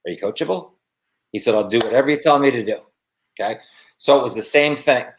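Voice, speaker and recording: A man's voice: medium pitch, fast, slight background noise. Male coach hosting an interview; punchy, repetitive motivational delivery. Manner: emphatic, repeats words for effect. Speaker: host and business coach.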